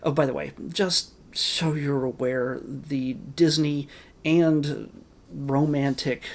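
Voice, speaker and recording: A man's voice: fairly high pitch, steady tone, takes it slowly, creaky. A man giving a casual, rambling spoken review of a film, with wry asides and many restarts. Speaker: movie reviewer.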